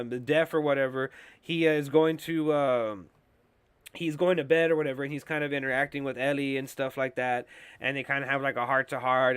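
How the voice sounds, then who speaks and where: A man hosting a casual show review, talking in a rambling, excitable way with lots of swearing and filler words. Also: a little high, smooth, no room sound.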